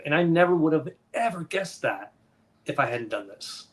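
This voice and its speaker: A middle-aged man, a children's book author and guest on a live show, telling stories in a lively way and acting out the voices of the people in them. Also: a little high, moderate pace. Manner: animated, acts out the voices of others in his stories. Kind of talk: conversational interview storytelling.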